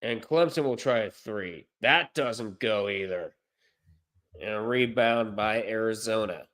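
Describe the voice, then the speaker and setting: Slow-talking amateur male play-by-play caller. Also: on the low side. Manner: unpolished, self-correcting, deadpan asides. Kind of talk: livestream play-by-play commentary.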